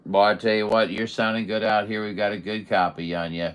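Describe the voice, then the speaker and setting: Folksy, low-voiced radio operator man. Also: level tone, fairly quick, smooth. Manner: folksy, chatty, many fillers. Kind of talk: radio contact chat.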